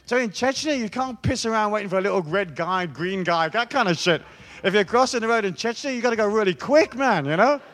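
A man's voice: high-pitched, animated, brisk, a bit bright. A middle-aged man, a spiritual speaker joking with a live audience in a profane, storytelling way. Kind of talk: irreverent talk to a live audience.

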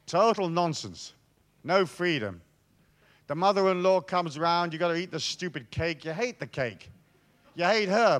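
A man giving a swaggering, profane motivational talk, telling stories to an audience and dropping to hushed tones for emphasis. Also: a little high. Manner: swaggering, profane, theatrical storyteller. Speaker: motivational speaker.

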